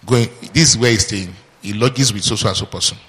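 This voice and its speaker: A man's voice: lowish voice, fairly quick, fairly bright tone. A man preaching a sermon, reading scripture aloud and quizzing the congregation with call-and-response questions. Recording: long hall reverb.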